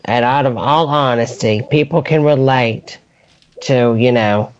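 A man's voice: mid-range voice, a little slow. Man, casual debate, soothing "honey" manner, muffled lo-fi audio. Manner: soothing, says "honey" while arguing. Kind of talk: casual heated discussion.

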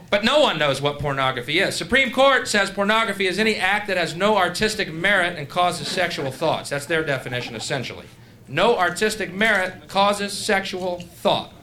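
A man's voice: high voice, bright, forceful tone, slight background noise. A man doing stand-up comedy, ranting and swearing. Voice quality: profane, ranting. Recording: live club recording with crowd.

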